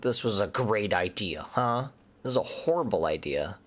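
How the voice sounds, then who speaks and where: A man's voice: on the low side, lively intonation, normal speed, fairly bright tone, faint music behind. A man giving casual commentary as he plays a game, chatting and thinking aloud, sometimes muttering nervously under his breath. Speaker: gaming streamer.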